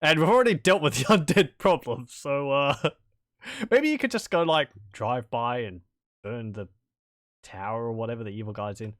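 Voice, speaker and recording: Man, let's play commentary, wry, rambling, lively pitch, dry close mic. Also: moderate pace, dry recording. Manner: rambling, chuckling, wry asides. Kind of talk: casual gameplay commentary.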